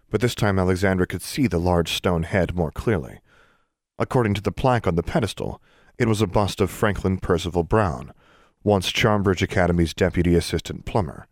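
A man narrating a fantasy novel audiobook in a calm, even reading. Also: deep voice, no room sound, studio quality. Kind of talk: scripted narration.

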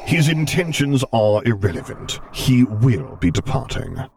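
Vader, slow commanding dark lord, as a man reads him. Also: mid-range voice, sing-song, slight background noise, voice pushed up. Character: stern imperious armored lord.

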